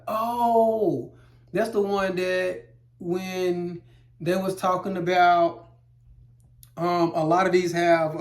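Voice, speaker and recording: A man teaching welding terms in a casual explainer video, loose and rambling, repeating himself, with playful exaggerated asides. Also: sits high. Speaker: welding instructor.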